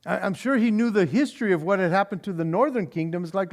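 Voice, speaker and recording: A male pastor leading an evening Bible study in a church, talking in an animated way, often tripping over and repeating his words and breaking into laughs. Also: high voice, quick pace, hardly any pauses.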